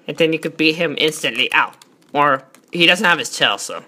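A woman giving excitable, profane let's-play commentary, yelling at enemies and bantering in character as a god persona. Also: fairly low pitch, measured pace. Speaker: gaming channel host.

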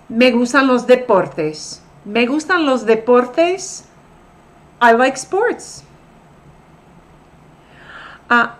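A middle-aged woman teaching a recorded language lesson, explaining slowly and repeating each example sentence deliberately. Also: on the high side, fairly bright tone. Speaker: Spanish teacher.

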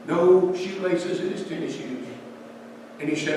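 A man preaching a revival sermon as a story, going from soft quoted speech to loud pleading. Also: sits high, unhurried. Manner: folksy storyteller, dropping to soft quotes and rising to loud pleas. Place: church sanctuary. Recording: echoey church hall, distant mic, faint noise.

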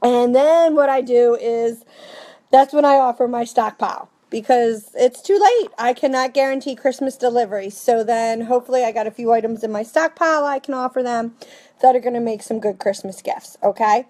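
A woman in her thirties who directs a direct sales team gives her team pointers from home while family is close by. She sounds upbeat and warm, with a high voice, and her casual, chatty delivery is peppered with brief "okay?" and "right?" checks.

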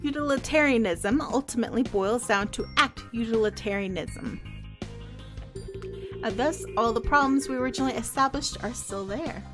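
A woman's voice: a little high, normal speed, close to an everyday voice. A woman reading the lines of an earnest male debater in a game, reasoning step by step. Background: game soundtrack music.

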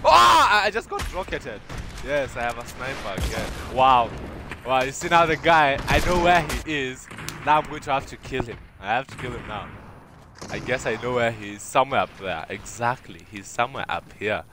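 A man streaming a shooter game live, reacting loudly with shouts of disbelief and cocky trash talk. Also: mid-range voice, normal speed, noisy background. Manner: excitable, yelling "what?" and trash talk. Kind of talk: live gaming stream commentary. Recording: loud game gunfire behind voice. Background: game gunfire and explosions.

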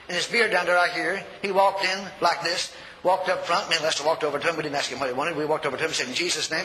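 A man preaching a sermon, telling a story in an animated, folksy way and shouting at the peaks. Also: sits high. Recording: long hall reverb, faint noise.

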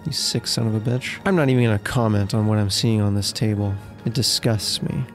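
A man's voice: on the low side, steady tone, a little fast, faint music behind. Indignant man playing mock inspector. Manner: exasperated outbursts. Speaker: gaming video host. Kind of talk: comedic gameplay commentary.

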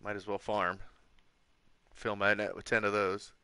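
A man's voice: fairly low pitch, flat delivery, a little slow, bright, forceful tone, clean tone, no echo. A man chatting casually while live-streaming a fishing game, joking and laughing often. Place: home room.

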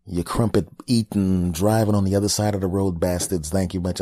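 A man's voice: low voice, steady tone, fairly quick, hardly any pauses, warm tone, no echo, clean studio sound. A man hosting his own podcast, riffing in a brash, joking, profane casual monologue. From United States. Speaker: podcast host.

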